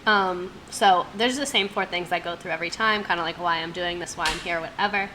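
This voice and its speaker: A woman in her twenties hosting a casual live stream, talking very fast and gasping for air between phrases. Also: lowish voice, noisy background. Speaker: streamer host. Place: home streaming setup.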